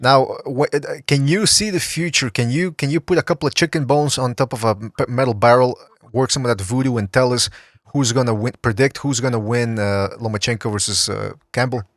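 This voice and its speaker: A man's voice: medium pitch, fairly even intonation, brisk, no room sound. Guy hosting a call-in show, joking around, dry mic. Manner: jokey, taking calls. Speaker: host. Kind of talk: casual podcast chat.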